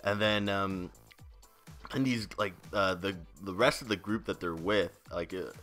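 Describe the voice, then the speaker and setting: A man's voice: low-pitched, unhurried, fairly bright tone, faint music behind. A young man hosting a gaming channel, telling a story in a rambling, casual way, swearing and laughing often. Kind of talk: casual storytelling over gameplay.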